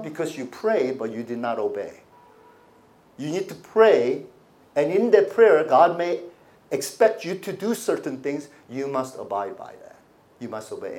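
A man preaching a sermon as pastor, with animated delivery and congregation call-and-response. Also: medium pitch.

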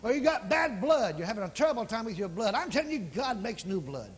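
A man preaching a fervent revival sermon, calling people forward and praying over them in a husky voice. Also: sits high, big pitch swings. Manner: fervent, shouting praise, rapid calls to come forward. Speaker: evangelist. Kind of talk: revival sermon with healing prayer. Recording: live in a large hall with long reverb.

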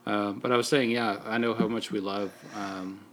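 A father hosting a casual family chat, relaxed and laughing easily as he teases his daughters. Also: lowish voice, moderate pace, a little hiss or hum. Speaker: father and host.

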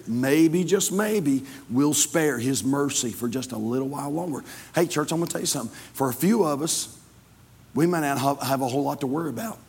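A man, a pastor preaching a sermon in a church, swinging between loud fervor and hushed tones. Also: medium pitch, breathy edge, big-room sound. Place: church sanctuary.

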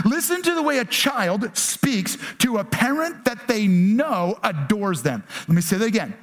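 A man's voice: sits high, expressive, measured pace, few pauses, a bit bright. A man preaching a conversational sermon as pastor, dropping in rhetorical "right?" asides and acting out his children's pleading voices.

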